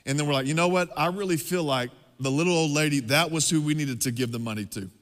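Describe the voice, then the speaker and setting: A man preaching, telling a personal story in a lively, conversational way to his congregation. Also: fairly high pitch, fast. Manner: animated, conversational storytelling with laughs. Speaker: pastor. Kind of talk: sermon storytelling. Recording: long hall reverb.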